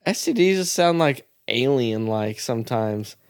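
A man's voice: mid-range voice, animated, a little slow, clear, resonant tone. Male co-host, blunt and crude, jokes over his partner in casual film talk. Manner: blunt, crude joking, talks over others. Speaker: podcast co-host. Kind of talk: casual movie chat.

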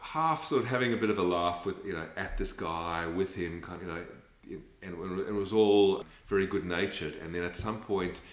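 A man's voice: low-pitched, normal speed, hardly any pauses. An Australian man talking thoughtfully as an interview guest, rambling with many fillers. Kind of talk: reflective conversational interview. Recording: roomy echoey sound.

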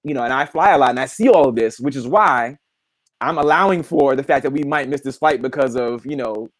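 A man's voice: mid-range voice, brisk, no room sound. A man co-hosting a casual podcast, explaining things at length with lots of "you know". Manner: explains at length with many fillers. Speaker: podcast co-host. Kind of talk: casual chat.

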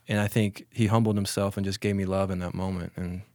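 A man in his forties, a former college football player, telling stories in a relaxed, reflective way during an interview, with many restarts. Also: low voice, brisk, no room sound, studio quality. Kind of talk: casual storytelling in an interview.

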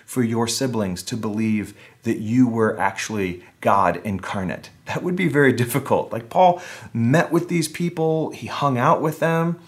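A man's voice: mid-range voice, animated, a little slow. A man preaching a casual, conversational sermon online, with wry humor, acting out the voices he quotes. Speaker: pastor.

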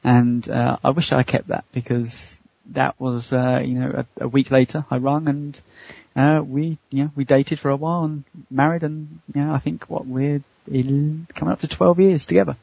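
A man tells a long personal story in a relaxed interview, laughing often and acting out the voices of the people in it. His voice is gravelly and a little husky. The sound is dry and muffled. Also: medium pitch, normal speed, no echo. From United Kingdom. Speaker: co-host answering interview questions.

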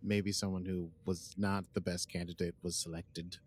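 A man's voice: low-pitched, flat delivery, moderate pace, slightly rough. A man co-hosting a podcast, joking dryly in casual chat and recapping an episode's plot. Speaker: podcast co-host.

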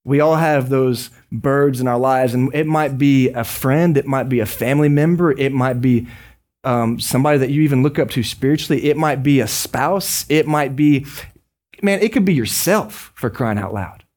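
A man preaching a sermon as a pastor, conversational and joking with quick asides. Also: mid-range voice, darkish tone.

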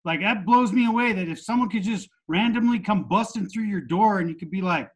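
High-voiced tough-talking man. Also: brisk, breathy edge. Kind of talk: casual podcast chat.

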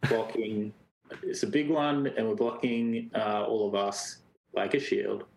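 A man's voice: on the low side, fairly even intonation, measured pace, creaky, poor audio. A man playing a tabletop game, talking in a laid-back, casual way. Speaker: player.

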